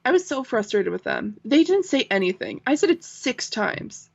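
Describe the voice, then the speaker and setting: Giggly animated woman on a lo-fi mic. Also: a little high, moderate pace, creaky, slightly rough. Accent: non-American accent. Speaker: podcast co-host. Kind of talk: casual chat. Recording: dull lo-fi mic.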